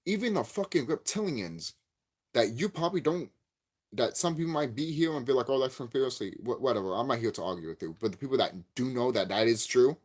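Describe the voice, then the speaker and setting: A man giving a profane, angry vlog rant about a game, repeating himself and cursing. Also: fairly quick. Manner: angry, profane, repetitive ranting; lively swinging pitch, gets loud and high when worked up. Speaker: YouTube game commentator. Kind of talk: ranting vlog commentary.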